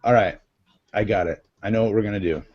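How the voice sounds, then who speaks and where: A man's voice: fairly low pitch, fast, muffled recording. A man hosting a live online question-and-answer chat, playful and teasing with his guests. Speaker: host.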